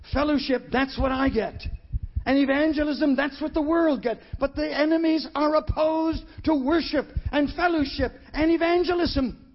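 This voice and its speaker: A man with a strikingly high voice preaches with fervent emphasis, now and then rising to a shout. The recording is dull and lo-fi, like an old church tape. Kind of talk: sermon. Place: church hall.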